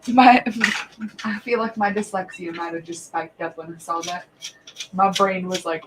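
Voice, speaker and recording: A woman's voice: on the low side, fairly even intonation, normal speed, noisy background. A woman chatting on a casual livestream from home, swearing freely and laughing often as she tells stories. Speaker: livestream host.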